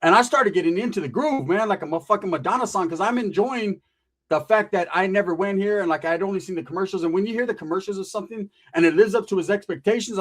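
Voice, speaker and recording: A man telling a rowdy story in casual, profane, slang-heavy talk on a podcast. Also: high-pitched. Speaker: podcast host.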